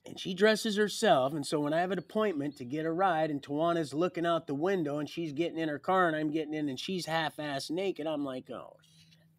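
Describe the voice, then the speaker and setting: A man rambling through a personal life story on a livestream, jumping between loud bursts and quiet mutters. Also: on the high side, brisk, few pauses, no room sound. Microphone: streaming mic.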